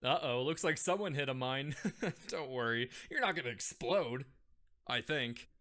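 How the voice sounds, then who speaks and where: Lively, bright-voiced comic narrator man. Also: mid-range voice. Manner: sarcastic, quick comic delivery. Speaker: narrator of animated history comedy. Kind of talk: scripted comedic narration.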